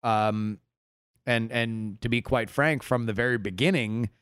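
A man's voice: mid-range voice, steady tone, unhurried, a bit bright, clean tone, no room sound. Male producer, casual podcast talk, stammering and humble, dry close sound. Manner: stammering, humble, repeats words.

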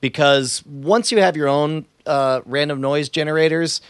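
A man in his thirties co-hosting a podcast, talking in a quick, rambling way with lots of fillers and restarts. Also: on the high side, clear, resonant tone, dry recording. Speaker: podcast co-host. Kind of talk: casual chat.

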